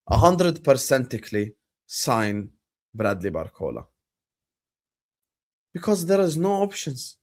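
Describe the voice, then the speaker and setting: A man's voice: medium pitch, a little mellow. A man hosting a livestream about football, arguing his points emphatically with rhetorical questions. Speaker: streamer and football pundit.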